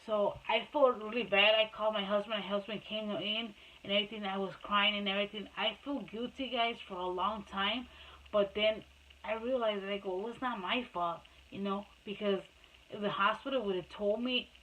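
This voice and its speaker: A woman's voice: medium pitch, steady tone, moderate pace, a bit bright, slight background noise, poor audio. Casual storyteller, a woman who rambles and restarts a lot, mixes in spanish. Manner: switches between Spanish and English. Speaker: mother telling her life story.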